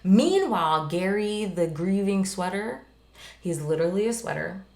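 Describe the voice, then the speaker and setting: A woman co-hosting a podcast, telling stories in a lively, casual way with lots of fillers and some swearing. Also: mid-range voice, normal speed. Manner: animated storyteller, swearing, many "like" fillers. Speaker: podcast co-host. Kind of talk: casual chat. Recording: roomy echo.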